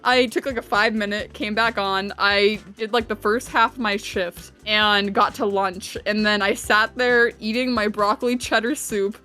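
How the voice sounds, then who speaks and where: A woman's voice: mid-range voice, steady tone, moderate pace, hardly any pauses, pushed and bright, faint music behind. A young woman on a podcast, telling a long, rambling work story full of fillers and laughter. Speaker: podcast co-host. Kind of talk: casual storytelling chat.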